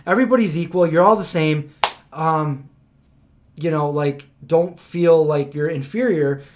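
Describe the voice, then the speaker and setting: Podcast host, male, chatty storyteller, pitched a bit high. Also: unhurried, a little mellow, a little hiss or hum. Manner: rambling storytelling, heavy on "like". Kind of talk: casual podcast chat.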